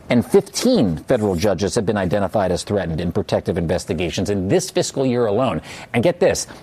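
A man's voice: fairly low pitch, darkish tone, slight background noise. A man anchoring a TV news segment, delivering the story in an emphatic, indignant way into a studio microphone. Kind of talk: TV news commentary.

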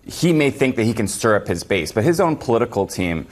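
A man speaking as a guest on a news panel, halting and casual. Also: fairly low pitch, sing-song. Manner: halting, fills with uh and you know.

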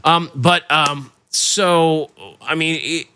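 A man's voice: fairly high pitch, slow pace, a little hiss or hum. A man hosting a casual political talk show, rambling and interrupting himself as he chats. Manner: lively, rambling, self-interrupting. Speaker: host. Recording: dry studio sound with faint music.

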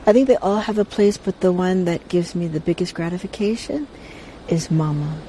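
A middle-aged woman being interviewed about her career and family, talking softly and haltingly and repeating words as she searches for them. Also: on the low side, a little hiss or hum, rough recording. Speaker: interview guest, veteran entertainer. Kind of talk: casual interview conversation.

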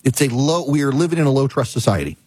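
Husky-voiced man ranting about drivers. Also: mid-range voice, animated, fast, a little mellow, no room sound. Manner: exasperated, emphatic, repeats points for effect. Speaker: talk show host. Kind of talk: casual monologue, ranting storytelling.

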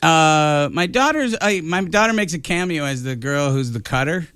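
A middle-aged man on a radio show stammers through his stories, full of fillers and restarts. His voice sits a little high. The studio mic sounds close and dry. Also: animated, a bit bright, clean tone, dry recording. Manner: halting, stammering storyteller with many fillers. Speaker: guest filmmaker. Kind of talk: casual radio talk.

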